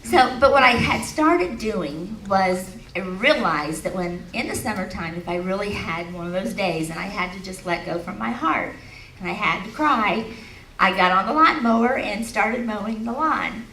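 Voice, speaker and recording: In a large expo hall, a middle-aged woman gives a motivational talk, sharing a personal story with laughter before leading the audience in affirmations. Her mid-range voice is slightly bright, with lively intonation and a normal speed. The echoey hall is recorded from a distance, with slight background noise.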